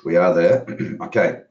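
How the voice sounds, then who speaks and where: Here a man with a low, slightly mellow voice offers live market commentary as a trading educator. He's conversational and meandering, cursing casually as he goes. The recording sounds roomy and dull, with a lo-fi feel.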